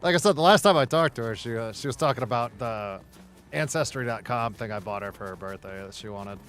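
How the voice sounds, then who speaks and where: A man's voice: medium pitch, fairly quick, fairly bright tone, faint music behind. A man streaming a game, rambling in casual chatter, swearing and laughing often.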